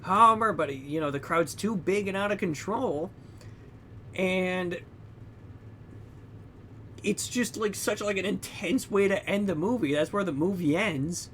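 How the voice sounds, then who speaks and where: A young man co-hosting a podcast, casually retelling a movie plot with lots of "like" and "you know", acting out characters in loud, high bursts. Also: measured pace, pauses often, a little hiss or hum. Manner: heavy use of fillers like "like" and "you know". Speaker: podcast co-host. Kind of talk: casual film recap.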